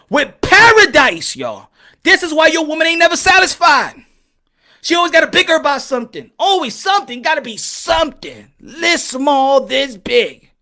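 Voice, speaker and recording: A man's voice: very high voice, sharp tone. A man hosting his boxing channel, delivering a rambling comedic rant full of laughter, swearing and preachy asides.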